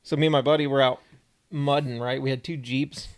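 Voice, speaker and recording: A man's voice: mid-range voice, steady tone, brisk. A young man co-hosting a podcast, telling a story in a laid-back, easygoing way. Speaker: podcast co-host. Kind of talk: casual storytelling chat.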